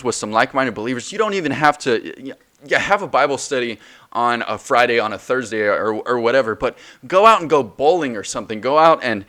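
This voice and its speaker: A man's voice: medium pitch, a bit bright. A man in his twenties hosting a solo faith podcast, talking passionately and preachily, with many restarts. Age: 20s. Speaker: podcast host.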